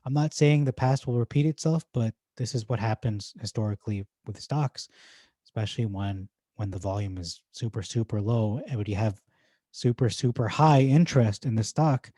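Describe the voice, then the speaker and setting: Male vlogger, Irish accent, mid-range mellow voice, relaxed chatty delivery with jokey asides, dry close recording. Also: lowish voice, normal speed, no echo. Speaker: stock market YouTuber. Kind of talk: casual commentary reading forum posts.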